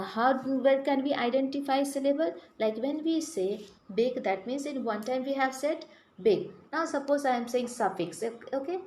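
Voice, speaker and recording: A woman's voice: fairly high pitch, darkish tone. A woman teaching a grammar lesson to children, spelling words out letter by letter and asking the class questions. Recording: echoey room with faint background noise.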